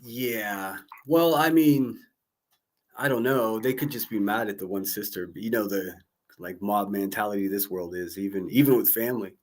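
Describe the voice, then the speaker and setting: Guy hosting a call-in stream, lowish voice, chuckles a lot, trips over his words. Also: normal speed. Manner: chatty, laughs often, stumbles over repeated words. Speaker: host of a call-in livestream. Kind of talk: casual call-in chat.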